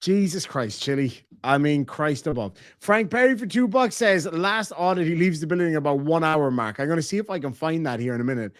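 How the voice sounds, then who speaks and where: A man's voice: fairly high pitch, expressive, fairly quick, few pauses, dry recording, studio quality. Sarcastic swearing male commentator. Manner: sarcastic, mocking, swears often. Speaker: commentary host reacting to videos. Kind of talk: profane reaction commentary.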